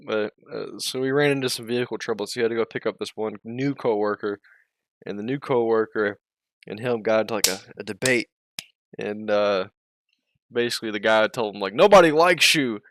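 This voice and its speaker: A man's voice: on the low side, fairly bright tone, dry recording, studio quality. A man streaming and chatting casually, rambling, interrupting himself, swearing and laughing often.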